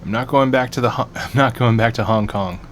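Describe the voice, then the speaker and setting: A man's voice: medium pitch, a little fast, a little hiss or hum, natural voice. A man voicing a jumpy, nervous man who stumbles over his words. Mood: flustered. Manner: nervous, flustered. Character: jumpy, flustered man late to work.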